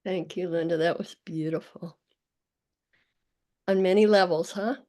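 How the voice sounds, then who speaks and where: A woman's voice: fairly low pitch, fairly even intonation, measured pace, mellow. A woman hosting a panel who thanks the speaker and passes on requests in a brief, appreciative way. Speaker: host. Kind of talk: moderating a panel.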